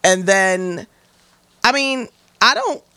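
A woman's voice: medium pitch, takes it slowly, clean tone, dry recording. A young woman guest in an interview, speaking candidly and bluntly with profanity, acting out quotes as she tells her stories. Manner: blunt, profane, animated storytelling with acted-out quotes.

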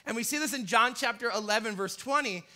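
A man's voice: very high-pitched, quick pace, pushed and bright. A man preaching a sermon in church, passionate, acting out the voices of people he quotes with rising intensity. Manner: impassioned, acts out quoted pleas with rising intensity.

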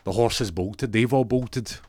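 A man's voice: fairly low pitch, unhurried, a little mellow, dry recording. A man telling a comic story, jumping into raised voices for each character.

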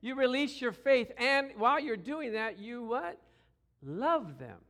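A man preaching a sermon as pastor, lively and calling for responses from the congregation. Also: very high-pitched, a little slow.

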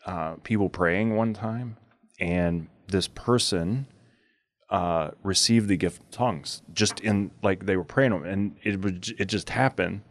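A man's voice: low-pitched, a little slow, dry recording. A man hosting a podcast in casual chat, telling stories loosely with many filler words. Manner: rambling, full of filler words. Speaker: podcast host.

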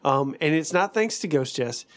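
A man's voice: fairly high pitch, animated, moderate pace. Casual male podcast voice, rambling and profane, tells stories with false starts. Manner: rambling, profane, self-deprecating storytelling. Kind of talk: casual chat.

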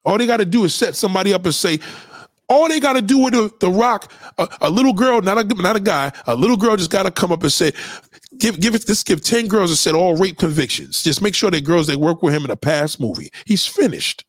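A man's voice: high voice, lively intonation, brisk, no room sound. A man ranting to viewers in a profane, preachy and conspiratorial way, repeating himself for emphasis. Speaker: vlogger giving opinions. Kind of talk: profane rant to camera.

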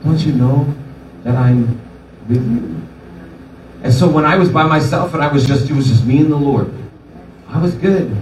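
A man's voice: fairly high pitch, slight background noise. A male pastor giving a sermon, telling the story animatedly and putting on voices for the people in it. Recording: echoey room from far off.

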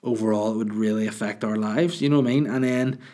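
A man's voice: on the low side, fairly even intonation, quick pace, dark tone. A man hosting a podcast, rambling and joking as he answers listener questions. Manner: rambling, jokey, sweary. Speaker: podcast host.

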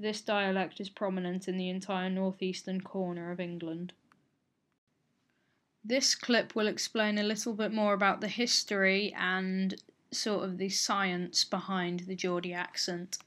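A woman's voice: mid-range voice, fairly bright tone. Woman narrating a scripted explainer. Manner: measured, reads out figures evenly. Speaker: presenter.

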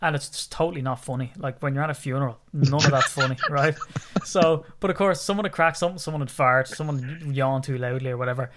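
A man co-hosting a casual podcast chat, telling stories with jokes and laughs in an animated way. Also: medium pitch, fast talker, background noise. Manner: joking, animated storytelling with laughs. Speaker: podcast co-host.

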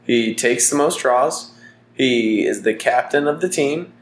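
A man's voice: mid-range voice, a little slow. Laughing, teasing podcast co-host man. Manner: laughs easily, teasing, reasoned arguments. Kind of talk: casual chat. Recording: echoey room with faint noise.

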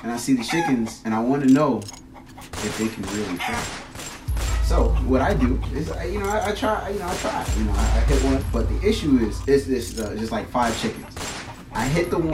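A man performing improv comedy as a guest actor, telling the scene in a rambling, halting way. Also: mid-range voice, reverberant, recorded from a distance, noisy background.

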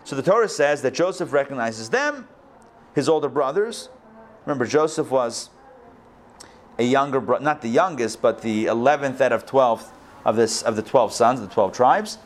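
A man teaching a live Torah class as a rabbi, telling the story with lively, acted-out lines. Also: mid-range voice, moderate pace. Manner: animated storytelling, acts out quoted lines. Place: school hall, recorded live.

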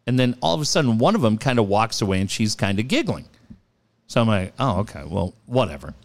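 Quick-paced and mid-range in pitch, this middle-aged radio host swaps profane stories in a laid-back chat. He tells them with animation, performing each quote himself.

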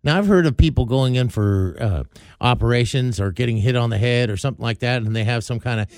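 A male radio co-host with a middle-pitched voice cuts in with quick questions and dry jokes. He is recorded close, with no room sound. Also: darkish tone, no room sound. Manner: wisecracking, chimes in. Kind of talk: casual talk radio banter.

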